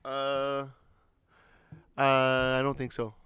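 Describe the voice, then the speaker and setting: A young man co-hosting a casual chat, telling a story in a rambling, animated way with lots of fillers and swearing. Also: medium pitch, slow pace, clear, resonant tone, no echo. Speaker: podcast co-host.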